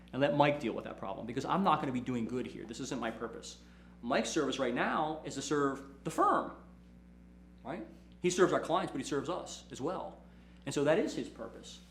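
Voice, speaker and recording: Fast-talking man in an echoey room. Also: fairly high pitch, slight background noise. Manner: animated storytelling, repeats "right?", acts out quotes. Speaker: lawyer and firm owner hosting a talk. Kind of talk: casual motivational talk.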